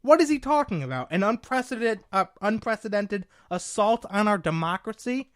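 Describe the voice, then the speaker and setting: An indignant young man hosting his own political talk show, voice swinging widely between loud outrage and low mutters. He talks combatively and sarcastically, calling his listeners folks. The sound is dry and close, with no room around it. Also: expressive, normal speed, no room sound. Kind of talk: opinionated political commentary.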